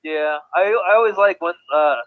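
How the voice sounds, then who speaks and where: A man's voice: a little high, moderate pace, phone-quality sound. A man chatting casually on a livestream, talkative and prone to stammering restarts. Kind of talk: casual chat.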